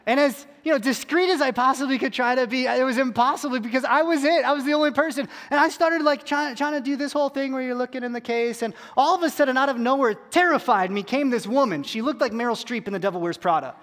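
A pastor preaching in a relaxed, storytelling way, poking fun at himself as he goes. His voice is high for a man. The sound trails off into the long reverb of a big hall. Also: quick pace, hardly any pauses. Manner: conversational, self-deprecating humor. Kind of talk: sermon storytelling.

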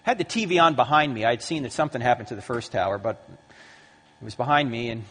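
A man in his fifties giving a lively talk to a live audience in a large hall, acting out the voices in his stories. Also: mid-range voice, fast. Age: 50s. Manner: lively storyteller who acts out quoted voices. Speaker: Christian apologetics speaker. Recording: long hall reverb.

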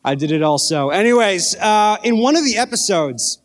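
A man's voice: high-pitched, lively intonation, normal speed. A man preaching a casual youth sermon, joking and asking his listeners questions. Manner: casual, conversational preaching with jokes and questions to the audience. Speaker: youth pastor.

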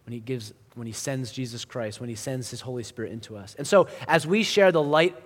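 A male pastor preaching a sermon in a conversational style, building to emphatic lines and then dropping to quiet ones. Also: medium pitch, brisk. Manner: conversational preaching with rising emphasis and hushed drops. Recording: long hall reverb.

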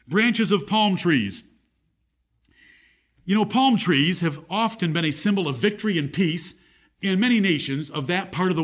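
A man preaching a Bible-teaching sermon who reads scripture aloud in a raised, declaiming voice and asks the audience questions. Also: a little high. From United States.

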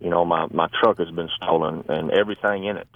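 Low-voiced guy on a phone line, tinny sound, earnest and rambly. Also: steady tone, fast, dry recording. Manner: earnest, with frequent fillers and restarts. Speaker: radio show guest. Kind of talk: casual storytelling.

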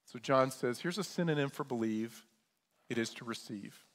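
A man's voice: medium pitch, moderate pace. A man, a pastor, preaching a sermon in a conversational way, often checking in with his listeners. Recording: long church reverb.

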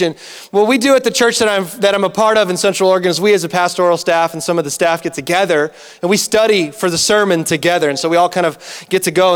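A man preaching a sermon as a pastor, telling stories in an animated way and acting out the dialogue himself. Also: sits high, clean tone. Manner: animated storytelling with acted-out dialogue. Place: church hall. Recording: long church hall reverb.

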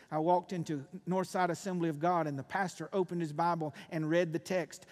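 A man, preaching a sermon with animated swings from loud bursts to quiet intensity. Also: high voice, big-room sound. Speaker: pastor.

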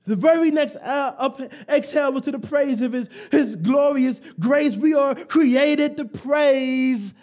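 A male preacher with a strikingly high voice delivers a live sermon. He is emphatic, swells into shouts, and leads the congregation in call and response with playful asides. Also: measured pace, few pauses.

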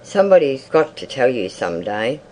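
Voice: mid-range voice, big pitch swings, normal speed, dark tone, natural voice, poor audio. A reader voicing Mrs Kember, a bold, cold and worldly woman who teases in a raised, coaxing tone in a storybook reading. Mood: teasing. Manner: teasing and worldly.

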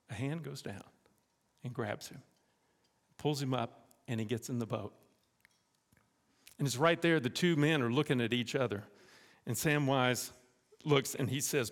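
Animated male pastor in an echoey hall. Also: mid-range voice, unhurried, pauses often. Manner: animated storytelling, direct appeals. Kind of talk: sermon. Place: church.

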